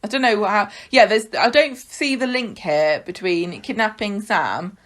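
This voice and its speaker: A woman's voice: medium pitch, measured pace, fairly bright tone. A woman co-hosting a casual podcast, recapping a soap with playful sarcasm. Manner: chatty, playfully sarcastic, acts out scenes. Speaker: podcast co-host.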